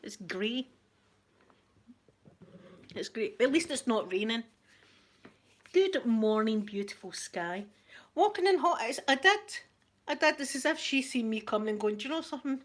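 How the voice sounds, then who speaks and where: A middle-aged Scottish woman, hosting a live chat, telling a story in a chatty, animated way. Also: on the high side, measured pace, long pauses. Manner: chatty, animated retelling with laughter. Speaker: livestream host.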